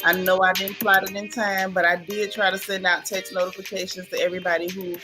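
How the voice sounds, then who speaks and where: A woman's voice: medium pitch, level tone, brisk, over music. A woman hosting a casual live stream, greeting viewers one by one in a playful, chatty way. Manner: warm, playful, chatty banter with the chat. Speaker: livestream host greeting viewers.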